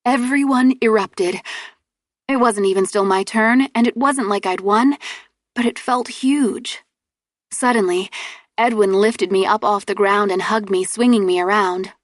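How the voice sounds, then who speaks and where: A woman reads a first-person story aloud with a lively, youthful lilt. Her voice sits at a middle pitch and sounds close and dry, with no room around it. The delivery is steady audiobook narration. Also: measured pace, no room sound.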